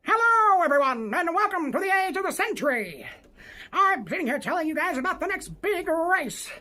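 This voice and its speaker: A woman voicing a male old-time radio announcer in a booming, showy 1950s style. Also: very animated, moderate pace, pushed and bright, full character voice.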